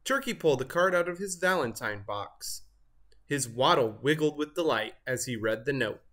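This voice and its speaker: A reader narrating a children's picture book aloud in an expressive, sing-song way. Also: mid-range voice, moderate pace. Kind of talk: storybook read-aloud narration.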